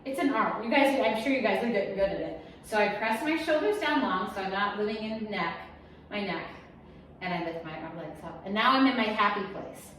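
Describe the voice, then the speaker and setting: A Pilates instructor leads a class, cueing breaths and counts in a chatty, encouraging manner with small jokes. Her medium-pitched, fairly bright voice is brisk with lively intonation, recorded in an echoey room from a distant mic with slight background noise.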